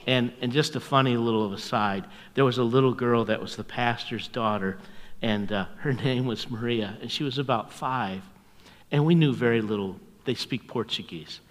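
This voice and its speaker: An older man preaching as a pastor, telling stories in a folksy, chuckling way and dropping to a hushed voice at tender moments. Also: mid-range voice, big-room sound. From North America. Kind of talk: storytelling sermon.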